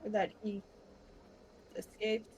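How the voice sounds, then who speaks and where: A woman's voice: mid-range voice, little pitch movement, takes it slowly, darkish tone, slight background noise, rough recording. A woman playing in a tabletop role-playing game, talking hesitantly with lots of fillers. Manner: hesitant, many fillers and restarts. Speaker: player.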